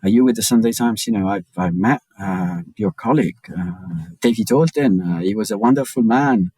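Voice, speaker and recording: Gracious French lady journalist, as a man puts her on, light French accent, low voice. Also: a little fast, dark tone, breathy edge, no echo. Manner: light mock-French impression.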